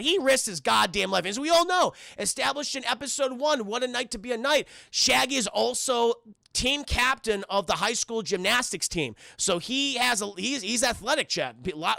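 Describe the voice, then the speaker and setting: A man's voice: very high-pitched, gravelly, sharp tone, no echo, studio quality. A man casually recapping a cartoon episode for his live chat, rambling and profane, talking straight to the viewers. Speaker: streamer reviewing a cartoon.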